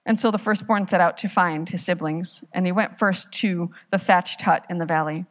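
A woman pastor telling a parable in a sermon, with a measured, dramatic reading. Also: lowish voice, steady tone, big-room sound. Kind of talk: sermon storytelling.

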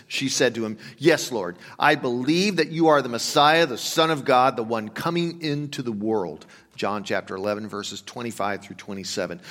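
A man delivering a sermon, his voice trailing long reverb through a large hall. His voice sits at a mid pitch. He drops to quiet, slow reflection, then rises to loud, pressing emphasis. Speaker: pastor.

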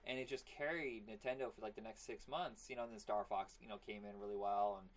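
A man's voice: on the low side, steady tone, fast talker. A man co-hosting a casual podcast, rambling and joking, his voice strained and partly worn out. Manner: rambling and jokey, prone to silly voices. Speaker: podcast co-host. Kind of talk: casual chat.

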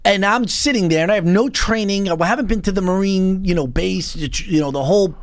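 A man's voice: sits high, fairly quick, no room sound. A man hosting a podcast, asking probing questions and repeating them until they land. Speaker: podcast host. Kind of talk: casual interview questions.

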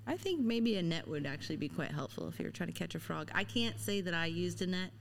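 A woman's voice: lowish voice, animated, fast talker, creaky. A woman from Louisiana chats easily as a podcast guest. She laughs between phrases and talks loosely. A faint hiss of noise sits behind her. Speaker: podcast guest, mountain biker. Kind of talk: casual chat.

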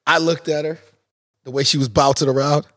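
A man's voice: a little high, steady tone, brisk, fairly bright tone, dry recording, studio quality. A man hosting a casual chat, telling a story with energy and acting out other people's lines, laughing often. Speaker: podcast host telling a story.

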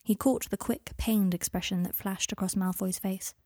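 A woman reading a story aloud in a calm, even storytelling manner. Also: medium pitch, moderate pace, no echo, clean studio sound. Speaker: audiobook reader. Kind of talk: scripted narration.

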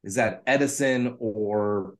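Lower-voiced man, measured podcast talk. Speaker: podcast co-host. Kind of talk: casual movie chat.

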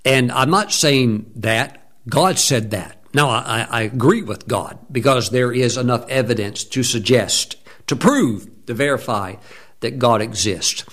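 A middle-aged man preaching a sermon from the pulpit. He speaks emphatically, drawing words out and humming between phrases. His voice sits at an ordinary male pitch. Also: measured pace, fairly bright tone. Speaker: pastor.

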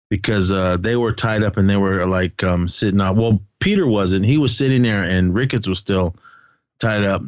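A man hosting a podcast, casually retelling a movie's plot in a rambling, halting way with many fillers. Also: lowish voice, a little mellow, no room sound, lo-fi sound. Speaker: podcast host. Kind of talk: casual film recap.

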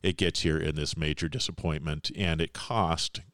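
A middle-aged man co-hosting a podcast in casual chat, telling stories in an animated way and laughing often. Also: rumbling low, moderate pace, dry recording, studio quality. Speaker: podcast co-host.

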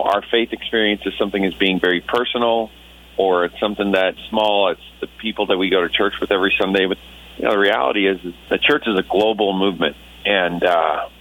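A man's voice: lowish voice, a bit bright, poor audio. A man in his thirties, a Christian musician being interviewed, talking in an earnest, reflective way with many restarts. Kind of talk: casual radio interview.

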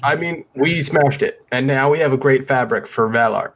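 A man's voice: medium pitch, moderate pace, a bit bright. A man playing in a tabletop game, chatting casually, easygoing and joking as he speaks for his character. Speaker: player.

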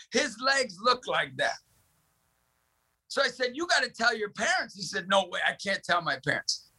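A middle-aged man telling a story with intense, preachy passion and shouting for emphasis. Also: sits high, breathy edge. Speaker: guest, ministry director. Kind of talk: impassioned storytelling.

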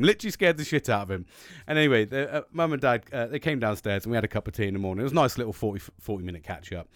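A man's voice: mid-range voice, no echo. A man, telling stories on his podcast in a rambling, sweary way with frequent laughs. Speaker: podcast host. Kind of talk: casual storytelling chat.

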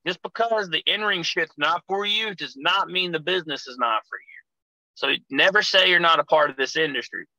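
Bright, profane young man, dry sound. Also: fairly high pitch, brisk, dry recording, rough recording. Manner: crude, profane, rambling storyteller. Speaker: guest, wrestling figure. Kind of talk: casual chat.

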